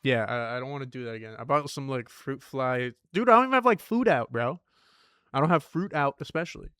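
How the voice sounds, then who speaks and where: A man's voice: medium pitch, animated, brisk, a bit bright, smooth, dry recording, clean studio sound. A young man streaming a puzzle game from home, rambling and joking in slangy casual chat. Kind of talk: casual live-stream chatter.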